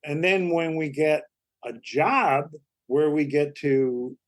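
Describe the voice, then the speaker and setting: Older man telling lively stories. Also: on the high side, takes it slowly. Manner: lively anecdotal storytelling, acts out quoted voices. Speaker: comedy actor and writer, guest. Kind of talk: storytelling interview.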